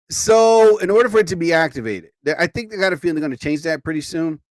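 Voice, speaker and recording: This live-stream host speaks a little high at a moderate pace, sounding tired and sleepy. His talk is casual and rambling, with frequent exclamations. The studio mic gives a dry recording.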